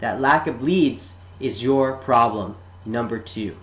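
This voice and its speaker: A man narrating a sales pitch in a chatty, sarcastic way, talking straight to the listener. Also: slow pace, fairly bright tone. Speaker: marketing presenter. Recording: roomy echo.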